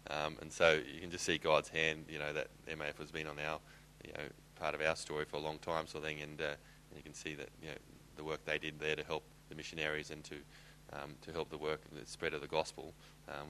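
A man talks an audience through a slide presentation. His voice is extremely deep and flat, with little rise and fall. He speaks haltingly, with many ums and uhs, over a faint hum of background noise. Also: poor audio.

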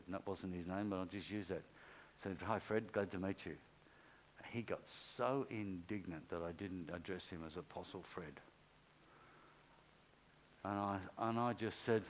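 A man's voice: a little hiss or hum, poor audio. Man preaching a conversational sermon. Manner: conversational, acts out quoted speech with pitch swings. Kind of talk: informal sermon.

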